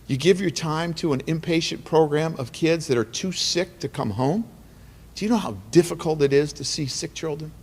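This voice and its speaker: A man's voice: a little high, normal speed, husky. A man speaking as guest speaker at an awards dinner, earnest and emotional, with a preacher-like cadence and repeated phrases. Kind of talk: emotional motivational speech. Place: banquet hall. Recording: long hall reverb.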